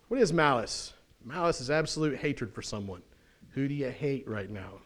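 A man preaching a sermon as pastor in a church, in a folksy, animated way with casual slang and quick asides. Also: mid-range voice.

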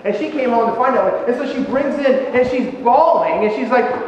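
A man's voice: very high-pitched, normal speed. Man preaching in an echoey church hall. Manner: conversational, animated, with many fillers and restarts. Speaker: pastor. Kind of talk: sermon storytelling. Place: church sanctuary. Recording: echoey church hall, dull sound, faint noise.

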